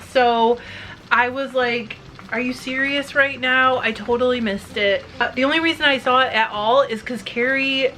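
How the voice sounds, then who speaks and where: A middle-aged woman who makes fiber arts videos, chatting candidly and emotionally with viewers while she spins, rambling with quick asides and a slightly teary edge. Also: on the high side, bright, forceful tone. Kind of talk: casual chat to viewers while spinning.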